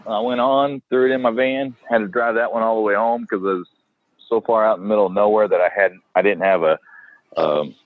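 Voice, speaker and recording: Speaking briskly in a lowish, fairly even voice, the dead animal removal worker shares a gross job story on the podcast he co-hosts, acting out the quotes in a casual way. The line is dry and phone-like, with no echo.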